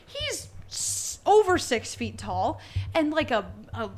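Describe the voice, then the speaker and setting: Animated young woman telling family stories. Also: high voice, slow pace. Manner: animated storyteller, acts out quotes, laughs often. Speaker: podcast co-host. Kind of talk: casual chat.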